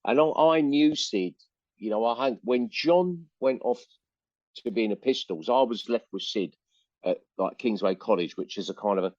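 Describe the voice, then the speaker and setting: A man's voice: mid-range voice, moderate pace, darkish tone, no echo, muffled recording. An older man with an East London accent, a musician telling long rambling anecdotes in a casual interview. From England. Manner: rambling anecdotes with frequent fillers and restarts.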